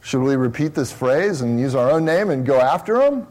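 A man's voice: medium pitch, animated, moderate pace, darkish tone. A man preaching a sermon in a small church, talking casually and conversationally with many repeated restarts. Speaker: pastor.

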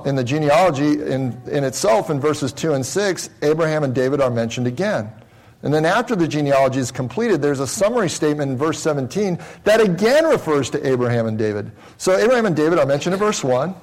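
Heard through a rough recording, a man whose voice sits a little high preaches an explanatory sermon teaching from the Bible. The pastor keeps asking his listeners rhetorical questions, and key phrases come out slower and softer.

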